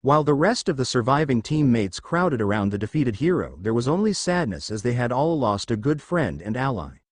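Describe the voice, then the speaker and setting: A man narrating a superhero fan-fiction story in a mid-pitched voice. His delivery is animated, with a lively rise and fall. The recording is dry, with no room sound. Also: brisk, no echo. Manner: dramatic storytelling.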